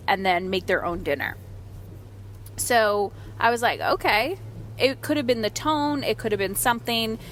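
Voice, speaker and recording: Woman podcast host, 30s, candid and animated storyteller, mid-pitched, slight background hiss. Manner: candid, animated, acts out quoted voices. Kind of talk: casual solo podcast storytelling.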